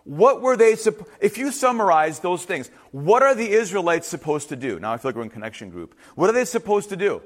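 High-voiced animated male preacher. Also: a little fast, few pauses. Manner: animated, acts out quoted voices, conversational asides. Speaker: pastor. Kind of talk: sermon.

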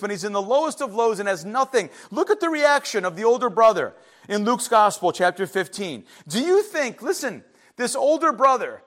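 High-pitched male pastor, animated sermon delivery. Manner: animated preaching, voicing biblical figures with sarcasm.

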